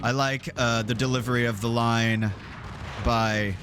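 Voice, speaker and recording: A man's voice: medium pitch, steady tone, unhurried. A man doing casual let's-play commentary, chatty, swearing often and laughing. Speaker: streamer playing a game. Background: game music.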